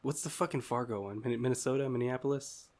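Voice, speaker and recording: A man's voice: mid-range voice, fast, darkish tone. Playful, teasing male podcast co-host. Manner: playful, teasing, laughs often. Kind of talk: casual chat.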